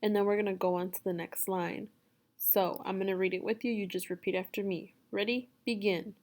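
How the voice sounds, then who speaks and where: A woman teaching a phonics lesson for young children, sounding out words slowly and deliberately. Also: medium pitch, fairly even intonation, darkish tone. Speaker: second grade teacher.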